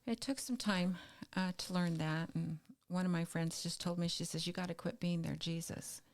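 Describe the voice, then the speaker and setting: A woman guest on a faith podcast, speaking in a measured, plainspoken way about family and hard lessons. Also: fairly low pitch, steady tone. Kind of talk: faith conversation.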